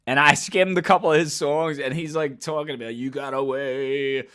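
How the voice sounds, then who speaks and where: A man's voice: a little high, brisk, a bit bright. A man giving blunt, emphatic commentary in a casual vlog, swearing freely and repeating phrases as he builds his point. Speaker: commentary vlogger.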